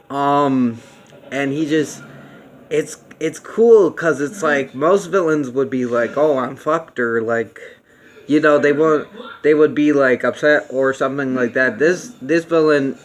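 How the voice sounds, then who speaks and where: A young man giving a casual spoken movie review, rambling with many fillers and restarts and getting excited about what he likes. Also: medium pitch.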